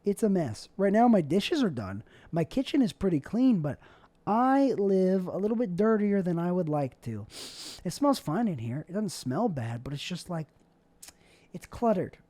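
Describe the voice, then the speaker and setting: Young male host, mellow warm voice, dry close sound, rambling and self-mocking monologue. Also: high-pitched, big pitch swings, normal speed, dry recording. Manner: rambling, self-deprecating, jokey. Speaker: show host. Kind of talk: casual solo vlog monologue. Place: indoors at home, his bedroom.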